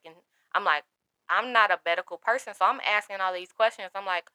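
A woman's voice: lowish voice, fairly quick, bright, forceful tone, clean tone, no echo. A young woman, telling an emotional personal story candidly and quoting others in her own voice.

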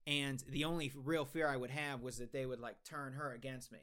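A man's voice: mid-range voice, steady tone, brisk, a bit bright. Rambling, profane young man telling a story. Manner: rambling, profane, many restarts. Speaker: podcast co-host. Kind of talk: casual storytelling chat.

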